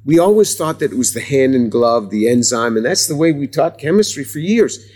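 A man with a slightly husky voice talks through cell chemistry in an interview. He speaks haltingly, repeating words and restarting sentences as he explains. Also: mid-range voice, animated, darkish tone. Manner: hesitant, many restarts, explanatory. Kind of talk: conversational interview.

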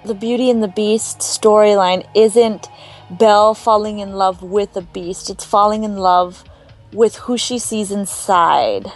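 A woman co-hosting a podcast, giving her take in animated, opinionated casual chat and quoting characters' lines. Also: medium pitch, unhurried, soft background music. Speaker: podcast co-host.

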